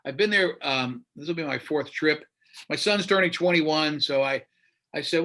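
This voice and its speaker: Bright-voiced, animated man. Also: fairly high pitch, brisk. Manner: animated, blunt storyteller. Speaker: radio show host, guest. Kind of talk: casual interview chat.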